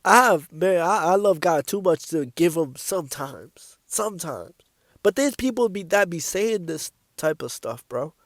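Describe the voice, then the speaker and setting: A man, preaching in a casual rant to camera, animated and incredulous, repeating himself as he presses his point. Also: on the high side, measured pace, no room sound. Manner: animated, repeats "bro" often, laughs, incredulous. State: coughing from sickness. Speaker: Christian vlogger.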